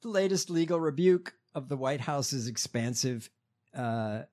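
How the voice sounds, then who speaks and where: A man co-hosting a podcast, reading political news aloud with profane asides and halting fillers. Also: mid-range voice, lively intonation, darkish tone. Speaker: podcast co-host.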